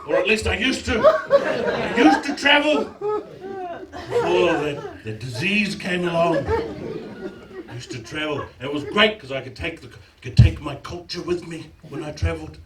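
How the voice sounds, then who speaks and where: Kiwi stand-up man, high-pitched and punchy, echoey venue, roaring audience. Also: background noise. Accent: New Zealand. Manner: loud, animated, shouting bits. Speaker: stand-up comedian. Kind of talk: live stand-up comedy. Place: small live event venue with audience. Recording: echoey room, far from mic, loud crowd.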